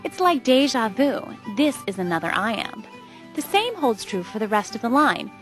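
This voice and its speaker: A woman's voice: fairly high pitch, sing-song, normal speed, faint music behind. A woman giving an upbeat, scripted educational narration. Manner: upbeat, explanatory.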